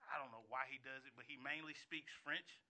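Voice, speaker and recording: A man's voice: medium pitch, brisk. A young man co-hosting a casual panel chat, telling stories with energy and making his points step by step. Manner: animated storyteller, makes his points step by step. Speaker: co-host.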